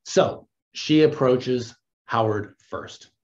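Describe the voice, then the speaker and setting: A man working as a dating coach, giving casual, earnest advice and calling his listeners guys and gentlemen. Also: medium pitch, takes it slowly, highs cut off.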